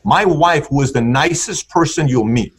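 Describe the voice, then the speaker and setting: His voice sits on the high side and is slightly rough, and he keeps a moderate pace. Appearing as a podcast guest, the man tells his story emphatically and acts out what others said using different tones.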